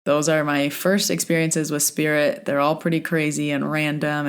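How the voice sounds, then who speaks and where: Low-voiced chatty woman podcast host. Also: level tone, moderate pace, hardly any pauses, clear, resonant tone. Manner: chatty, leans on "like" and retells exchanges. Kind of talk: casual podcast storytelling.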